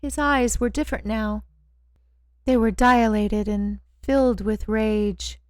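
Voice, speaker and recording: A woman narrating a first-person audiobook in a slow, measured way. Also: on the high side, fairly even intonation, a little mellow, no room sound.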